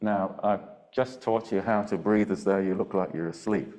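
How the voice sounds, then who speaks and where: An older man leads a live online Pilates class over video call, speaking on the low side at a moderate pace. Calm and gentle, he cues breathing and movement step by step and checks in with students often.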